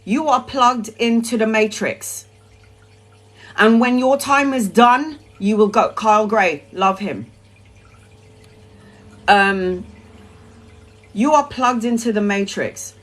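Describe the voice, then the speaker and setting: A woman's voice: fairly high pitch, expressive, takes it slowly, pauses often, rough recording. A woman, talking on a live stream in an emphatic, rambling way that is peppered with swearing. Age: 40s. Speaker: tarot reader live streamer.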